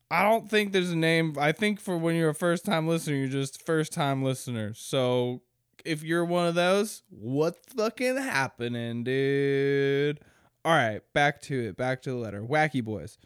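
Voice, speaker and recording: A man's voice: on the high side, moderate pace, clear, resonant tone, dry recording, studio quality. A young man hosting a podcast alone, rambling casually with crude jokes and frequent laughter. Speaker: podcast host. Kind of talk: casual solo podcast chat.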